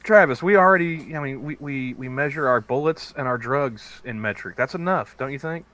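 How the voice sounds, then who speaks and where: A man's voice: mid-range voice, moderate pace, pushed and bright. A man joining a casual podcast chat as a guest, trading wisecracks and jokey asides.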